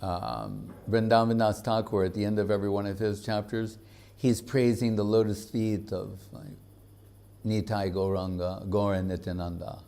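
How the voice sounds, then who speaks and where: A man who is a spiritual teacher, giving a conversational devotional lecture in an informal, halting way, with frequent fillers and chuckles. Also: fairly low pitch, level tone, dark tone.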